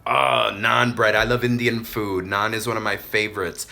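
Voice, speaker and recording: Loud, playful Puerto Rican man. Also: fairly low pitch, moderate pace, creaky, few pauses. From Puerto Rico. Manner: loud, playful and animated, with frequent hums of enjoyment. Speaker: mukbang vlogger. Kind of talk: casual chat while eating.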